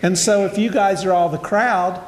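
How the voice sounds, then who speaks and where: An older preacher reads scripture aloud, then explains it casually through storytelling, speaking right to his listeners. His voice sits high with a steady tone at normal speed, recorded in an echoey hall.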